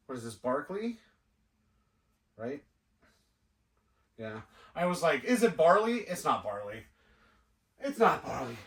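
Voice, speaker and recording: Unpacking toys in his cluttered room, a collector vlogger chats idly to himself at a slow, thoughtful pace. His voice is mid-range and a bit bright, heard through a far-off mic in an echoey space.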